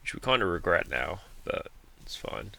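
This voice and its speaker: A man's voice: low voice, very animated, moderate pace, vocal fry, bright, forceful tone. A man giving laid-back, self-deprecating commentary over his own card game match, with the odd bit of mild swearing. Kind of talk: casual gameplay commentary.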